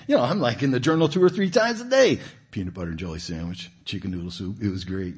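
A man giving an informal, conversational sermon to a church group, asking the listeners questions and stressing points with animated emphasis. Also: lowish voice, fast talker, slightly rough. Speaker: guest preacher. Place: church meeting room.

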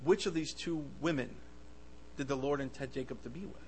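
A man preaching a sermon with passion, swinging between loud bursts and soft asides, often stammering and restarting his words. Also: medium pitch, a little fast, slight background noise, poor audio.

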